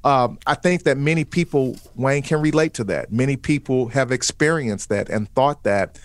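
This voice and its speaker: A man's voice: medium pitch, normal speed, no echo. A man hosting a faith-based interview podcast, affirming his guest with frequent interjections of praise. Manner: affirming, peppers talk with "praise God" and "amen". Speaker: podcast host.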